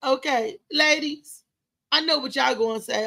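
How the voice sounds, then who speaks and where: A woman's voice: sits high, a little slow, vocal fry, sharp tone. A middle-aged woman, hosting a live show in a chatty, emotional, preachy way. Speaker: host. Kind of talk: casual live show talk.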